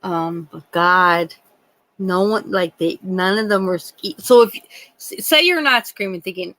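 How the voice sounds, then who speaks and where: A woman with a fairly low, slightly bright voice hosts a true crime livestream, speaking unhurriedly in casual chat. She rambles indignantly, restarts often and swears a bit, on a low-quality recording with no room sound.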